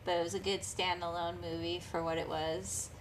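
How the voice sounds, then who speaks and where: A woman's voice: lowish voice, little pitch movement, normal speed, a little hiss or hum. A woman speaking as a panel guest, hesitant with many fillers. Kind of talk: casual panel chat.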